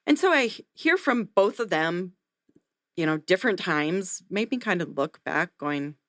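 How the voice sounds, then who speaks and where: A woman, a neonatal nurse practitioner, telling a story in an interview, earnest and animated. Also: on the low side, measured pace, no room sound, studio quality. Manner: earnest, animated retelling with acted quotes.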